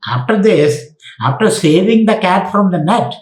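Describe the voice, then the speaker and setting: A man's voice: sits high, lively intonation, a little slow. A man, a spiritual teacher giving an online lecture, telling a fable and mixing in Sanskrit phrases. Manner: storytelling with Sanskrit quotes and repeated phrases. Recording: roomy echo.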